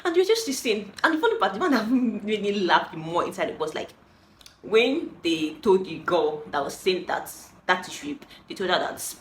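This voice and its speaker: A woman telling a story in casual storytime style, animated and exasperated, laughing now and then. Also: medium pitch, moderate pace. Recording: roomy echo with faint noise.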